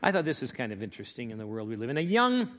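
A man's voice: mid-range voice, rapid-fire. A man preaching as pastor, telling jokes to his church in a chatty, rambling storytelling manner. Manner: chatty storyteller, restarts and fillers, lively delivery. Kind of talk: joke-telling sermon.

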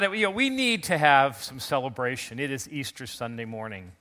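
A middle-aged man, a pastor, preaching an earnest Easter sermon to his congregation, recovering from a recent illness and building to loud emphatic calls. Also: mid-range voice, animated, a little fast, few pauses.

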